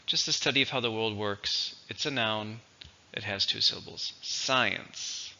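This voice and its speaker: Male English teacher, lowish gravelly voice, slow careful delivery, dull lo-fi recording. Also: pushed and bright. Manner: slow, deliberate, spells out stress patterns. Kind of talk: recorded vocabulary lesson and dictation.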